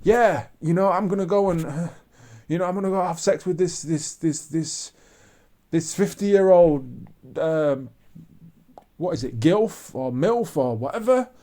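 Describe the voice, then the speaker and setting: A man's voice: fairly high pitch, lively intonation, unhurried, mellow. A man voicing a bored, boastful young male lover, drawling and bragging.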